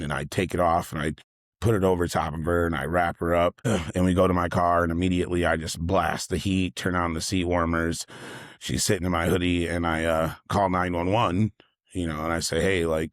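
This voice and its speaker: Deep, flat-voiced man telling a story. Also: no echo, studio quality. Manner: rambling and earnest, circles back and repeats himself. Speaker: delivery driver. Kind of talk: casual personal storytelling.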